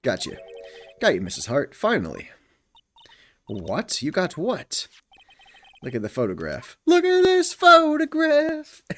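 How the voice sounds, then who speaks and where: A man's voice: medium pitch, wildly swooping pitch, measured pace, pauses often, a little hiss or hum. A man voicing an earnest young defense lawyer who presses his questions.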